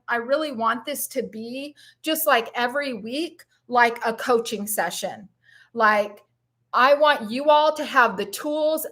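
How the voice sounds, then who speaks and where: A woman's voice: a little high, a bit bright. A woman hosting a live stream on plant-based eating, talking in an effusive, encouraging and emotional way. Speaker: plant-based lifestyle vlogger. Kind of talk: live-stream motivational chat.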